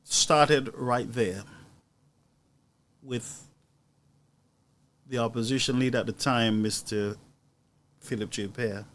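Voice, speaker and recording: A man's voice: medium pitch, steady tone, slow, pauses often, fairly bright tone. A man delivering indignant, mocking political commentary as a news show host.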